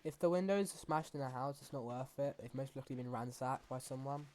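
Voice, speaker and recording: A man's voice: medium pitch, a little fast, a little mellow, a little hiss or hum. A man hosting a gaming channel, talking to himself as he plays in loose, rambling commentary full of fillers and restarts. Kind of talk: casual gameplay commentary.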